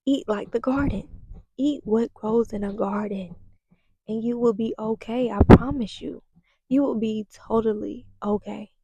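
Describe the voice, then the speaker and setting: A woman's voice: on the high side, fairly even intonation, measured pace, warm tone, slightly rough, no room sound, lo-fi sound. A young adult woman vlogging as a holistic nutritionist, emphatic and preachy, repeating herself and sometimes dropping into a whisper. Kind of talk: casual vlog monologue.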